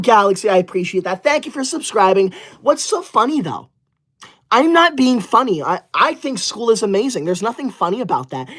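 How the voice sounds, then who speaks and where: Male streamer, comedic skit, prim and indignant, quick to snap and ban. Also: high voice, fairly bright tone. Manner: indignant, bossy, snaps at viewers and bans them; prim praise for good students. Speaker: livestreamer reading super chats.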